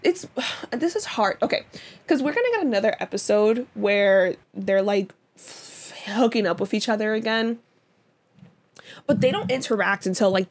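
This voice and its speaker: A young woman co-hosting a podcast in casual chat, talking loosely with many fillers and quick laughs. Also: on the high side. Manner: chatty, lots of fillers and laughs. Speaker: podcast co-host.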